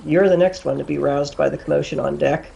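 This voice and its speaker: A man narrating as game master of a tabletop role-play, describing scenes in a relaxed way with fillers and chuckles. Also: on the high side, quick pace, gravelly, highs cut off, a little hiss or hum.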